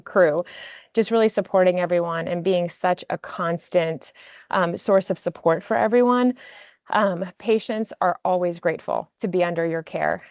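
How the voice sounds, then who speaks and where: A woman's voice: lowish voice, dry recording, dull audio. A woman announcing award winners on a video call, speaking with emotion and lots of "um" between her words. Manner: emotional, filler-heavy, warm praise with frequent "um". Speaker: award presenter.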